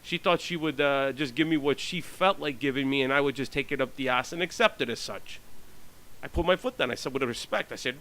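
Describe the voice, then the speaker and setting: A man's voice: mid-range voice, a little fast, sharp tone, poor audio. A man telling rambling stories in a blunt, profane monologue, full of fillers and restarts. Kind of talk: ranting storytelling monologue.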